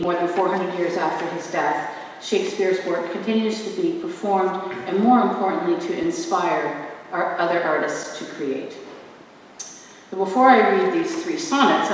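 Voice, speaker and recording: Woman, low voice, recorded far off in a reverberant church; reads poetry thoughtfully. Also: a little hiss or hum. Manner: thoughtful, with fillers and asides. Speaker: reader at a church arts event. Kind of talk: introducing and reciting sonnets. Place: church hall. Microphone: room mic from a distance.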